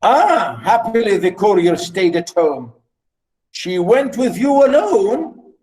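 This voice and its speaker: A man's voice: high-pitched, big pitch swings, slow pace, a little mellow, exaggerated voice, low-quality recording. A man voicing a snobbish older aunt who is scornful and shocked, in a haughty, disdainful manner.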